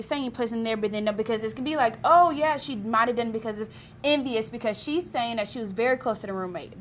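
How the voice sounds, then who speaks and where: A woman's voice: on the high side, a bit bright, a little hiss or hum. A young woman chatting as a pop culture correspondent, rambling with lots of fillers. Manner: rambling, many fillers like "you know". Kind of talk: casual chat.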